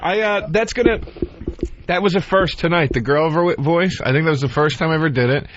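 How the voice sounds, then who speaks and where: A man's voice: a little high, a little fast, lo-fi sound, slight background noise. A man chatting casually as a comedian co-host, telling loose stories with laughs. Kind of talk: casual chat.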